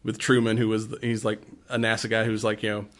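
A man's voice: lowish voice, completely flat delivery, quick pace, fairly bright tone. A man in casual conversation, animatedly retelling movie scenes, acting out quotes and laughing often.

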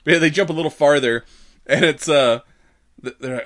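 A man's voice: medium pitch, a little fast, fairly bright tone. A man co-hosting a podcast, casually recapping a movie in a rambling way, laughing often and acting out the characters' lines. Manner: rambling, laughing, swearing, acts out quotes. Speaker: podcast co-host.

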